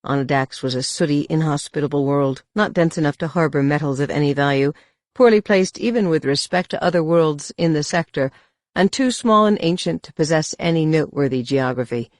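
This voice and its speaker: A man narrating an audiobook in a steady, even reading. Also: a little high, fairly quick, dry recording, studio quality. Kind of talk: scripted narration.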